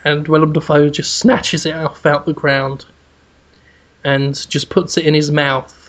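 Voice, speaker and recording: A podcast host spinning an absurd comic movie pitch in a rambling, deadpan way, full of fillers and restarts. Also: unhurried. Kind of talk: absurd comedic storytelling.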